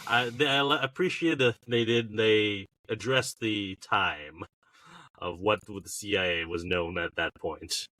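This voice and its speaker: A man co-hosting a casual film podcast, easygoing and a little halting as he talks. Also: on the low side, sharp tone. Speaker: podcast co-host. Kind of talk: casual chat.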